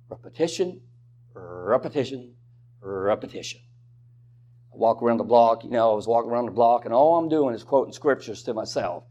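A man's voice: fairly high pitch, a little mellow. A man preaching a sermon in a conversational way, with rhetorical questions and joking asides.

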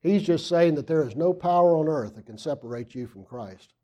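A man preaching a sermon, reading scripture aloud and asking the congregation questions, swinging from loud emphasis to hushed asides. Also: a little high, animated, brisk, lo-fi sound.

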